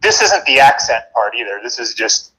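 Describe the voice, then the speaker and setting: A man's voice: medium pitch, very animated, moderate pace, sharp tone, rough recording. A man from Texas with a Texan accent, playfully chatting as a caller on a livestream. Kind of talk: casual chat on a call.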